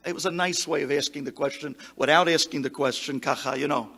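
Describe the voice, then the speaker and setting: A man speaks as a rabbi at a memorial gathering. His voice sits high and sounds bright and forceful. He drops Hebrew words into his English and moves from loud, emphatic lines to quiet, hushed ones. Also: quick pace, vocal fry. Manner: impassioned, swinging from loud exclamations to hushed tones. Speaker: rabbi giving a eulogy.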